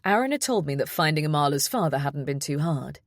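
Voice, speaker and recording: A woman narrating an audiobook in the first person at a measured, even pace. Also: low voice, dry recording, clean studio sound.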